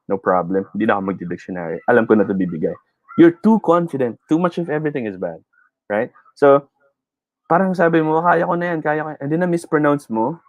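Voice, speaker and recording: Male teacher, Filipino accent, warm-hearted coaching tone, mixes Tagalog into English, dry video-call audio. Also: mid-range voice, no room sound, rough recording. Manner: encouraging, mixing Tagalog and English, chuckles often. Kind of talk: online speech class.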